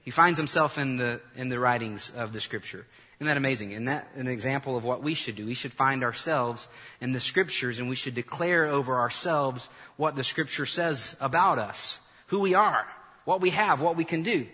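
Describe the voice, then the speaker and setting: A male pastor with a medium-pitched, bright, somewhat husky voice preaches an animated sermon in a church hall, where his words ring out with long reverb. He draws the congregation in by having them repeat lines back to him.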